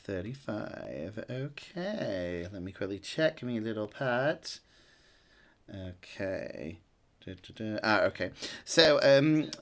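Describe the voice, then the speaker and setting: A man narrating as game master, relaxed and full of ums and restarts. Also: fairly low pitch.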